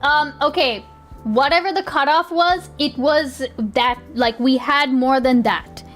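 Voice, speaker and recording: A young woman streamer rambles through a casual chat with her viewers, laughing often and swearing easily. Her voice sits a bit high, and faint music plays underneath. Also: measured pace, fairly bright tone.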